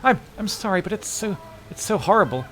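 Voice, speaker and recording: A frightened young townswoman pleads in a stammering, breathless way, as a man puts her on. The voice sits high and swings a lot. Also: lively intonation, brisk, fairly bright tone. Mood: pleading.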